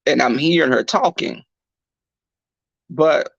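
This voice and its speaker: A man telling a candid personal story in a blunt, animated and profane way. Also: mid-range voice, unhurried, vocal fry, no echo, lo-fi sound. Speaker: podcast host.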